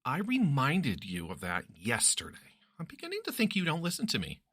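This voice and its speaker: A man's voice: wildly swooping pitch, a little fast, a bit bright, slightly rough, dry recording, clean studio sound, heavily acted. A man voicing a cheerful, meddling young woman friend in a teasing, bubbly way. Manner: teasing, bubbly, raises pitch.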